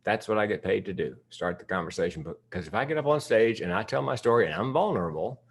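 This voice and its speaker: A man's voice: on the low side, animated, fast talker, slightly rough. An older man giving a humorous keynote speech, telling stories candidly with self-deprecating humor. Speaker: keynote speaker.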